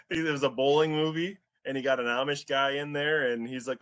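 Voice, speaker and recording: Man, podcast host, mid-pitched, relaxed jokey banter, casual chat. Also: normal speed.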